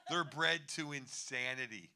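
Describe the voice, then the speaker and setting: Wry, bright-voiced stand-up man. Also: medium pitch, unhurried. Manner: wry, rambling, chuckles at his own jokes. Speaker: stand-up comedian. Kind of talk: stand-up comedy set. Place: comedy bar stage.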